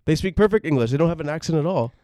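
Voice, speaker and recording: A young man co-hosts a casual podcast chat and rambles through offbeat questions. His voice is mellow and dark. The sound is close and dry on a podcast mic. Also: on the high side, animated, rapid-fire, dry recording. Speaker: podcast co-host.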